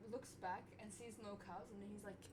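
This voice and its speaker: A young woman vlogger telling a story casually to camera, swearing often and getting loud when worked up. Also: a little fast, background noise. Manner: animated, swears a lot, voice jumps high when worked up.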